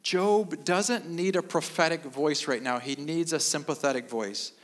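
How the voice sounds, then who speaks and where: Deadpan preacher in a reverberant hall. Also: male voice, fairly high pitch, measured pace. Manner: deadpan, self-mocking humor with emphatic repetition. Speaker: pastor. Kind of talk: sermon. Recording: long reverb of a large hall.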